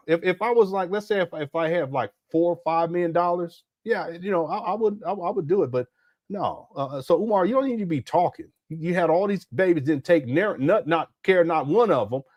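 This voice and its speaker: A man's voice: high voice, lively intonation, fairly quick, a little mellow, dry recording, clean studio sound. A man in his fifties giving blunt, exclamatory reaction commentary as host, laughing at the clips. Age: 50s.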